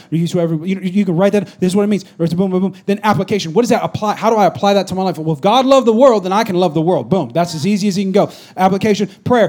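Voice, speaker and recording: A man preaching a conversational sermon as a pastor to a congregation, swinging from loud exhortation to quiet asides. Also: high voice, slightly rough. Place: church stage before a congregation.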